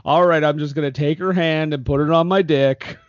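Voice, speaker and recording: A man hosting a podcast, recapping a movie in a lively, laughing way and acting out the characters' lines. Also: on the high side, brisk, no room sound. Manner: animated, acts out lines, laughs often. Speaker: podcast host recapping a film. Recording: dry, dull lo-fi sound.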